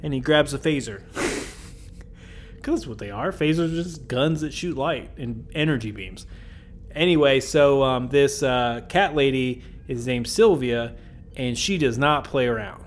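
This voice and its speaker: A man's voice: mid-range voice, unhurried, slight background noise. A man hosting a podcast, recapping an episode in a casual, joking way with rambling asides. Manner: jokey, rambling asides with chuckles. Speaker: podcast host.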